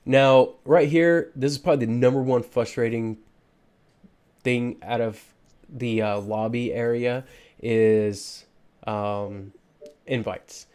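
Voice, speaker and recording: A man's voice: medium pitch, fairly even intonation, slow pace, darkish tone, smooth. Exasperated man ranting over gameplay. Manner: ranting, exasperated, many fillers and restarts. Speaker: gaming YouTuber. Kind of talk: frustrated gameplay commentary.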